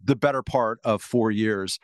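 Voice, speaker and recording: A man's voice: lowish voice, measured pace, no room sound, studio quality. Wry, rambling man commentator. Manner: wry, rambling, self-deprecating. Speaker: podcast guest, commentator. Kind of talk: casual panel chat.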